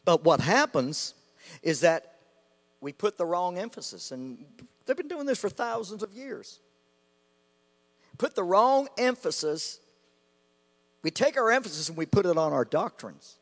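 A man preaching a sermon with passion, repeating phrases and swinging between loud outbursts and quiet asides. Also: sits high, big pitch swings, unhurried, long pauses. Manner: impassioned, rising and falling sharply, repeating phrases. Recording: long hall reverb with mains hum.

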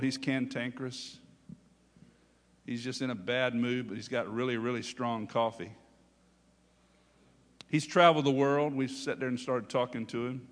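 Folksy pastor in a hall. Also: male voice, medium pitch, a bit bright. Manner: folksy, chatty, often asks "okay?" and chuckles. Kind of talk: conversational sermon. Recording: long hall reverb.

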